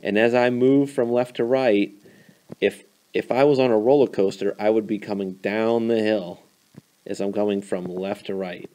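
Guy teaching math casually, kinda low mellow voice, lots of ums. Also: fairly even intonation, moderate pace. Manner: informal, fillers, playful sound effects. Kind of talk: explaining over a graph.

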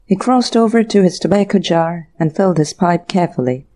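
Mellow-voiced woman reading a mystery. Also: fairly low pitch. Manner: even, measured storytelling. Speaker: audiobook narrator. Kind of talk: scripted narration.

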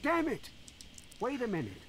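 A man's voice: extremely high pitch, huge pitch swings, moderate pace, fairly bright tone, full character voice, low-quality recording. An actor playing a worried male village guard in a video game, talking in an urgent, concerned way. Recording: game audio with faint ambience.

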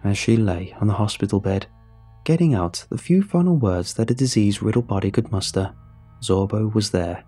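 A man narrating a horror story in a measured, somber way. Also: fairly low pitch, warm tone, slightly rough. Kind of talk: scripted narration. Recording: faint music under the narration.

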